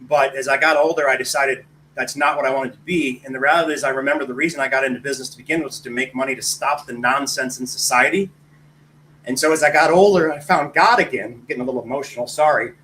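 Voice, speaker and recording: Bright, blunt male talk show guest. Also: mid-range voice, fairly even intonation, very fast, few pauses, a little hiss or hum, rough recording. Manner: blunt, outspoken, apologizes for outbursts. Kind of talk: casual political chat.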